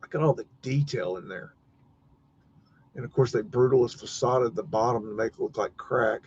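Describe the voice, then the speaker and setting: Man, live-stream host, loose rambling chat, mid pitch, slightly muffled lo-fi audio. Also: moderate pace, darkish tone, slight background noise. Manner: rambling, muttering, mildly cursing. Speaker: livestream host. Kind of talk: casual live-stream commentary.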